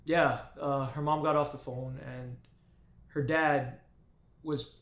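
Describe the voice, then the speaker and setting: A man telling an emotional personal story to camera, halting and full of restarts. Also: mid-range voice, fairly even intonation, fairly bright tone. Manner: halting, with frequent restarts and fillers. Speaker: vlogger. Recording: echoey room.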